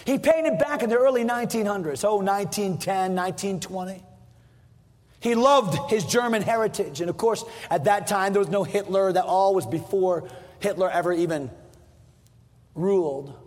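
A man preaching a fiery sermon as pastor, repeating his points, swinging from shouts down to hushed tones. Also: high-pitched, normal speed. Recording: long hall reverb.

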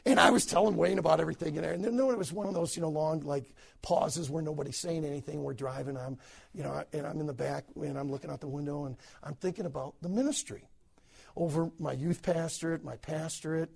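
An American man, a pastor, telling a story in a sermon to other preachers, animated and repeating words as he goes. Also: on the high side, fast, creaky, slightly rough. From United States.

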